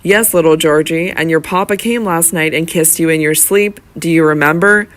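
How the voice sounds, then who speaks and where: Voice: medium pitch, normal speed, a bit bright, natural voice. A reader doing a grave young barrister. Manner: grave, earnest. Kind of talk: audiobook character reading.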